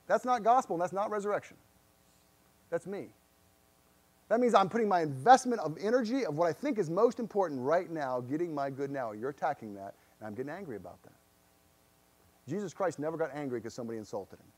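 A man's voice: on the high side, animated, fairly quick, a little mellow. A man preaching a sermon to his congregation as pastor, earnest, often repeating words and putting searching questions to the listeners. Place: church.

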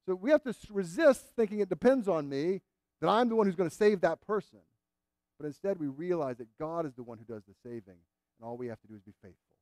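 A man's voice: sits high, animated, fairly quick, a little mellow, no echo, clean studio sound. A man preaching a sermon in an earnest, emphatic way, repeating phrases to drive points home.

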